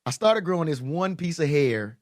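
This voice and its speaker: A man's voice: on the high side, normal speed, no echo, clean studio sound. A man hosting a podcast in casual chat, joking and telling stories with lots of laughter. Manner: joking, animated storyteller who laughs often. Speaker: podcast host.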